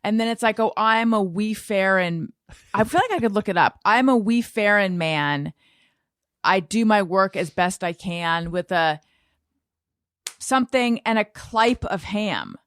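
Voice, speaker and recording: A podcast co-host chats in a studio in a casual, playful, teasing way, occasionally breaking into half-sung song lines. She has a medium-pitched, clear, resonant voice and an unhurried delivery, recorded dry.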